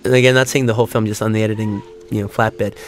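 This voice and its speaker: A man's voice: fairly low pitch, level tone, fast, a little hiss or hum. A man giving a casual audio commentary on a film, rambling with many fillers and restarts and acting out audience reactions in a raised voice.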